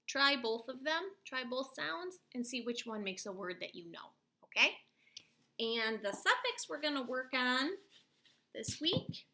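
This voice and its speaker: A woman teacher with a high, sharp voice gives a recorded phonics and spelling lesson. She patiently spells out letters and sounds, explaining slowly one letter at a time.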